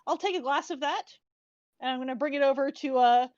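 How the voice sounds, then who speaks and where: A woman's voice: sits high, a little fast, a little mellow, dry recording. A woman player in a tabletop role-play, giggly and hesitant, recorded on a dull, dry mic.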